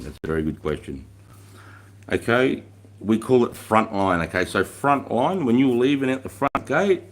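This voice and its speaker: An Australian army veteran hosting a casual live stream, talking bluntly with plenty of swearing and stumbling restarts as he answers viewers' questions. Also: on the low side. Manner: blunt, heavy swearing, repeats and restarts words; reads out and answers viewer chat. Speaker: livestream host, army veteran.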